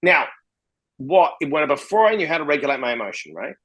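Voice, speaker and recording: A man, a podcast guest telling stories in a casual, animated way and acting out both sides of the dialogue. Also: on the high side, brisk, rough recording. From Australia. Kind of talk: casual storytelling in a podcast interview.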